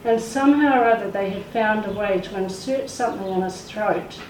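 A woman's voice: mid-range voice, a little fast, a little mellow. Woman sharing a heartfelt testimony from the pulpit, recorded from afar in a reverberant space. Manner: emotional storytelling, acts out quoted voices. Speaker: church speaker sharing a testimony. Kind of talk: testimony in a church service. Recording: echoey room, far from the mic, faint noise.

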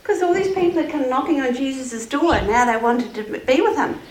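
A woman telling a story to children at church, expressive and asking them questions as she goes. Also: high-pitched, brisk. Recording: roomy, distant mic, faint noise.

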